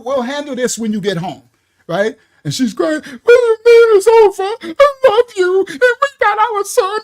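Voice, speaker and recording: Man preacher with a high voice, animated, slangy storyteller who acts out every voice. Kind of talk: storytelling sermon.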